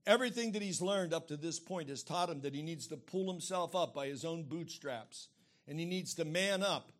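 A man preaching a sermon, explaining terms plainly and pressing his points with emphatic rhetorical questions. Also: on the high side.

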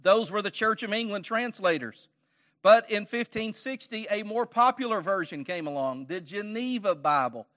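A man's voice: high-pitched, animated, moderate pace, a bit bright. A man teaching a church Bible study lesson, conversational, quizzing his audience with questions and joking lightly.

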